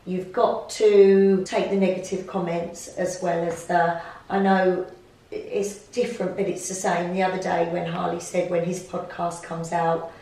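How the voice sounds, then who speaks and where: A woman's voice: on the low side, little pitch movement, unhurried, gravelly, dark tone. A middle-aged woman, a podcast host in casual chat, supportive and agreeing. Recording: echoey room from a distance.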